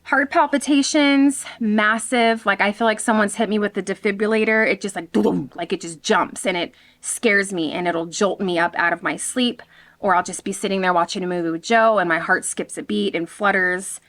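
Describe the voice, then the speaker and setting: A woman's voice: mid-range voice, fairly even intonation, normal speed, a bit bright. A woman hosting her own vlog outdoors, talking frankly and with animation straight to her viewers. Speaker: vlog host. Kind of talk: candid personal vlog talk.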